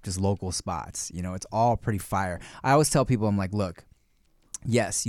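Laid-back man with a smooth voice. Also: fairly low pitch, no echo, studio quality. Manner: laid-back, slangy, says "bro" and "like" a lot. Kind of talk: casual chat.

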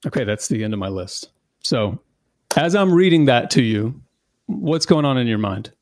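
A man's voice: mid-range voice, animated, moderate pace, darkish tone, no room sound, clean studio sound. A man hosting a podcast interview, upbeat and enthusiastic as he introduces and questions his guest. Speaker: podcast host.

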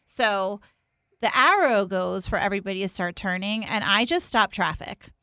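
A woman co-hosting a podcast in casual chat, telling a lively story with acted-out quotes and asides. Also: mid-range voice, moderate pace, no room sound. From East Coast of the US. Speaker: podcast co-host.

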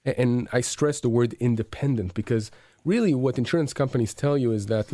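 A man's voice: mid-range voice, brisk, dark tone, no room sound, studio quality. A man, a lawyer giving emphatic advice on a radio talk show and often stumbling over his words as he restarts. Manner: earnest, emphatic, many restarts and stammers. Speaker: insurance and injury lawyer. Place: radio studio.

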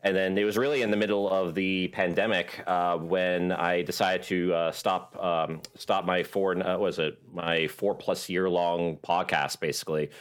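A man's voice: low voice, flat delivery, normal speed, few pauses, clean tone. A man, a voiceover artist, chatting casually as a podcast guest, rambling with lots of fillers. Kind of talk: casual chat.

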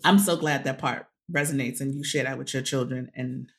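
A woman guest author sharing a personal story in an interview, animated and repeating phrases for emphasis, laughing often. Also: very deep voice, fairly quick. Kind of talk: emotional conversational interview.

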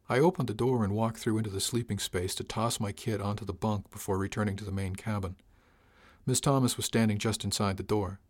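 A man reading a first-person story aloud, giving his captain's lines a dry, commanding tone. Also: on the low side. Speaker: narrator. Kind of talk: first-person audiobook narration.

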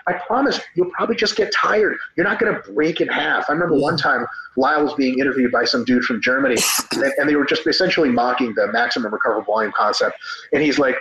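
A man co-hosting a casual discussion, animated and profane, acting out the people he quotes. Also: on the high side, quick pace, roomy sound, dull audio. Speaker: podcast co-host, coach.

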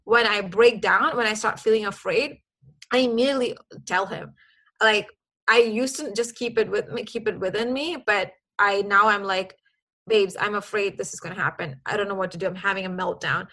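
A young woman with a bright, forceful voice, a guest in a casual interview. She talks earnestly and animatedly, acting out what she and others said. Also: medium pitch, normal speed, rough recording. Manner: earnest and animated, acting out her own dialogue.

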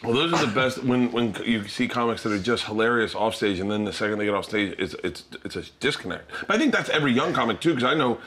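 Laughing storyteller man, bright tone. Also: medium pitch, lively intonation, quick pace, hardly any pauses. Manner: loose, laughing storyteller who acts out the people in his stories. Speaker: host and comedian. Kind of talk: casual chat, storytelling.

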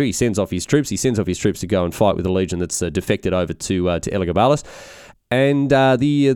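A man's voice: on the low side, a little mellow, clear, resonant tone, no room sound, studio quality. A man narrating history in a comedic, irreverent, rambling way. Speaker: history storyteller.

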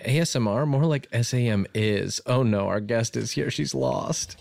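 A man co-hosting a comedy podcast, teasing and riffing quickly. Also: mid-range voice, gravelly, a little mellow, no echo. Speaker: podcast co-host. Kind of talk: comedic banter.

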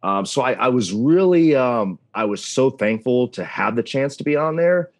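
A man's voice: medium pitch, normal speed, no echo. A man in his thirties, a wrestling announcer as a podcast guest, telling stories in a casual interview and acting out dialogue along the way. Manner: animated storyteller, acts out dialogue.

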